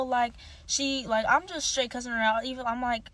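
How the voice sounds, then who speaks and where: A woman's voice: sits high, steady tone, moderate pace, a bit bright, a little hiss or hum. A young woman telling a storytime monologue, heated, profane and rambling.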